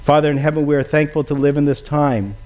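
A man's voice: fairly high pitch, fairly even intonation, fast talker, darkish tone. Earnest man preaching a sermon. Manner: earnest, pleading, keeps addressing listeners as friends. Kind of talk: sermon with closing prayer.

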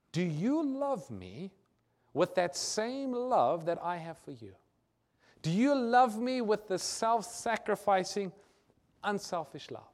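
A man with a high voice preaches a sermon, acting out quoted dialogue and shifting between loud declarations and hushed, quiet lines.

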